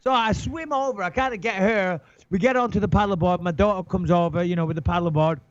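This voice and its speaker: High-voiced man telling a wild story. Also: fast, no room sound. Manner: swearing, lively, acts out his own panic. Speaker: guest storyteller. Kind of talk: animated anecdote, casual chat. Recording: dull lo-fi sound, dry.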